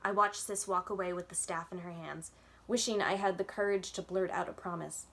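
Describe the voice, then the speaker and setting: A woman, a children's librarian, reading a children's novel aloud in clear, even narration. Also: lowish voice, fairly quick.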